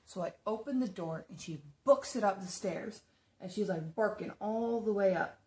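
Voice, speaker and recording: A woman's voice: mid-range voice, moderate pace, a little mellow. A young woman chatting casually as she tells a story while doing her makeup, rambling with lots of fillers and restarts. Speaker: makeup vlogger.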